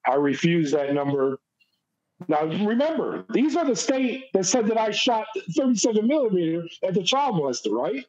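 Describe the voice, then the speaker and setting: Husky american guy, kinda high voice, blunt storyteller, dull lo-fi sound. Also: a little mellow. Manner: emphatic, blunt storytelling, acts out quoted people. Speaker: podcast guest, former prison officer. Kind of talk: storytelling in a podcast interview. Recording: dull lo-fi audio.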